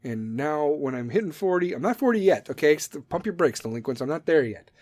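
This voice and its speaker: A man's voice: fairly high pitch, sing-song, fairly quick, darkish tone. Foul-mouthed rambling man podcaster. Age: 30s. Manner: profane, blunt, goes off on tangents. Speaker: podcast host. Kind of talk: casual rambling monologue.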